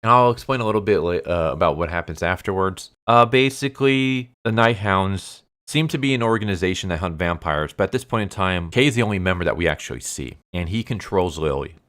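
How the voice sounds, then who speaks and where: A man's voice: low voice, animated, a little fast, hardly any pauses, fairly bright tone. A man casually retelling a story, loose and chatty, with lots of filler words. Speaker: manga recap narrator.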